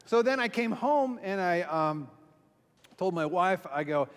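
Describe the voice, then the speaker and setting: A man's voice: sits high, animated, unhurried. A man, a pastor, telling a self-mocking story to a church audience and acting out the voices he quotes. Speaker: pastor and small group speaker. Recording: long hall reverb from a live venue.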